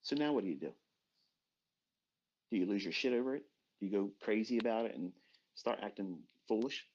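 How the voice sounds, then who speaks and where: A middle-aged man giving a blunt, profane motivational rant as a trading mentor, dropping to low murmurs and then bursting out loud. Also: brisk. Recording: dull lo-fi recording.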